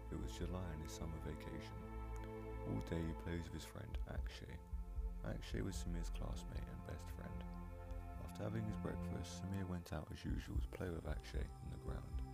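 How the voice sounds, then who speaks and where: A man with a very deep, gravelly voice narrates a story gently and steadily. Loud music plays underneath his reading throughout.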